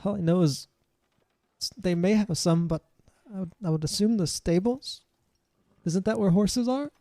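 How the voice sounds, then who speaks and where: A man's voice: high voice, moderate pace, warm tone, dry recording. A man voicing a timid outcast male farmer in his thirties, who talks hesitantly and stammers. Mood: nervous.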